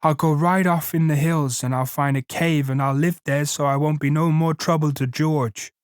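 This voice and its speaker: A man's voice: a little high, steady tone, moderate pace, no room sound, studio quality, close to an everyday voice. Man doing a frightened childlike farmhand. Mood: miserable. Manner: pleading, childlike rural drawl. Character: simple-minded giant farmhand, childlike and fearful.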